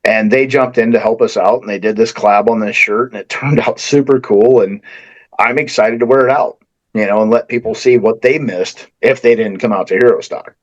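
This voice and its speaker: A man's voice: lowish voice, fairly even intonation, a little fast, muffled recording. A man speaking casually on a podcast roundtable in an upbeat, chatty way.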